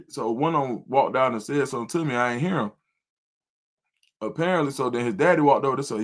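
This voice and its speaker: Middle-aged man, animated livestream storyteller and host. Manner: animated storyteller, jumps to high loud voice when quoting himself. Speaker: volunteer youth football coach and show host.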